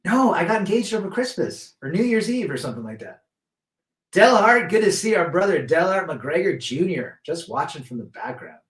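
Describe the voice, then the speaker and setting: A man's voice: high-pitched, very animated, normal speed, a bit bright, echoey room. Rambling man hosting a live stream. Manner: rambling, many restarts, reads chat aloud. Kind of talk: casual live stream chat, reading comments.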